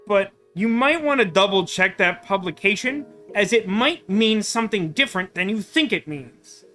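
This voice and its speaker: A man reading a dry, deadpan detective. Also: high-pitched, normal speed, soft background music. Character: wry male small-town detective.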